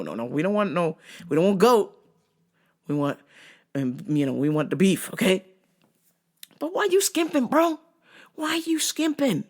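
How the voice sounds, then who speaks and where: Vlog host, female: animated comic ranter, profane, very lively pitch, mimics voices. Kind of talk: comedic storytelling rant.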